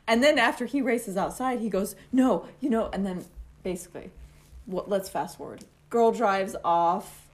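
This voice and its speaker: A young woman recounts a dramatic personal story in casual conversation. She talks animatedly at a middle pitch and laughs often along the way. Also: normal speed. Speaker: guest telling a personal story.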